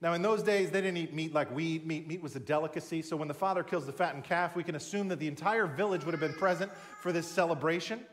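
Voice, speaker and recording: A man's voice: fairly high pitch, fast talker, hardly any pauses. A man preaching a sermon, explaining a passage with emphatic, conversational storytelling.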